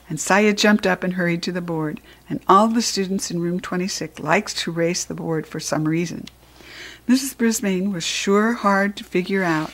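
A woman narrating a children's storybook in the first person with an expressive read-aloud delivery. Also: fairly low pitch, normal speed. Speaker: storybook reader.

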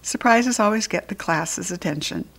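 Narrating a children's story, this woman delivers a lively, expressive reading. Her voice sits in the mid range and moves at normal speed.

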